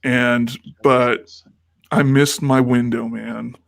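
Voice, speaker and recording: A man's voice: medium pitch, little pitch movement, slow pace, creaky, dry recording. A man co-hosting a podcast in casual chat, telling a rambling story and acting out the quoted lines of the people in it. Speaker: podcast co-host.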